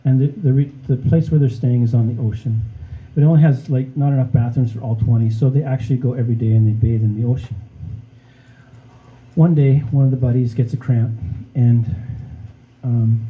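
A man's voice: mid-range voice, fairly even intonation, fairly quick, phone-quality sound. A man preaching a sermon in a conversational way, often checking in with "okay?" and addressing the congregation as friends. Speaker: pastor.

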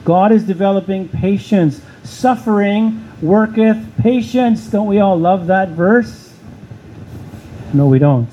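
A man with a notably high voice preaches a sermon, asking rhetorical questions and driving points home through repetition. The sound is a little muffled, with a faint hum of air conditioning behind him. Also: warm tone. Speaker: pastor.

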